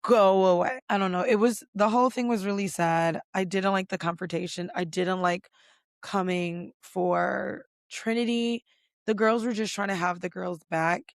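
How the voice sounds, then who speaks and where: A woman hosting a podcast, recapping reality TV in casual, emphatic talk full of swearing and "like" fillers, and getting louder when she is indignant. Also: mid-range voice, fairly even intonation, normal speed, no echo, clean studio sound. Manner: fired up, rising loud when indignant. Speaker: podcast host.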